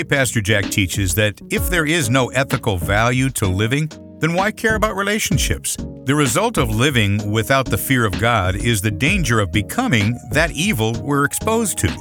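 A man reading a scripted radio show introduction in a smooth promotional manner. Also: medium pitch, sing-song, normal speed, over music. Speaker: radio announcer. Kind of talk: scripted announcement.

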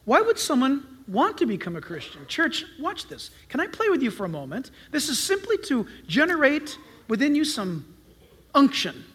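A man preaching a sermon to his church with a very high voice. His tone is bright and forceful, and he drives his points home by repeating them. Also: wildly swooping pitch, normal speed. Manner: emphatic, repeats lines for stress. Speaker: pastor.

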